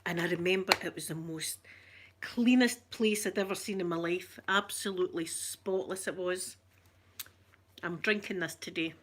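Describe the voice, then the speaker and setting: An older Scottish woman chatting softly and affectionately in an ASMR vlog, rambling along and greeting viewers by name. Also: lowish voice, normal speed, slight background noise. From Scotland. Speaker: ASMR vlogger.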